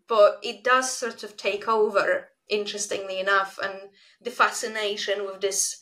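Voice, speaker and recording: Brief: female host, bright and sharp timbre, candid and halting. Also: medium pitch, steady tone, rough recording. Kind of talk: casual chat.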